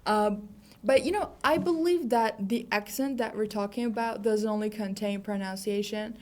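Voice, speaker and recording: A teenage girl whose first language is Turkish talks as a student guest on a school podcast. She chats casually, fills her sentences with "you know", and sometimes rushes in quick bursts at a medium pitch. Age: teens.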